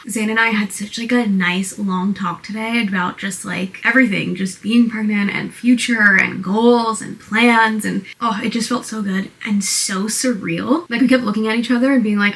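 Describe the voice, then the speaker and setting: A young adult woman chatting to camera at home in a casual vlog, bubbly and excited, with lots of filler "like"s. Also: mid-range voice, moderate pace, rough recording. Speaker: vlogger.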